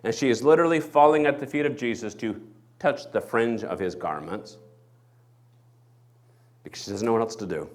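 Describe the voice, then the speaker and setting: A man's voice: medium pitch, normal speed, pauses often. A male pastor preaching a sermon, acting out the people in the story as he goes. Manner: animated, acts out the people in the story. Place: church.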